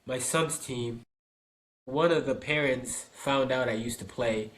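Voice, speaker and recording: A man's voice: mid-range voice, unhurried. A man in casual podcast chat about youth soccer, telling stories and acting out what people said. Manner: animated storyteller, acts out quoted people. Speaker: podcast co-host and soccer dad.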